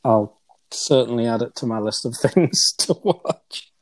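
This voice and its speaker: A man's voice: medium pitch, a little slow, no room sound. A man hosting a podcast, chatting casually with rambling asides and frequent laughs. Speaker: podcast host. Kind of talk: casual chat.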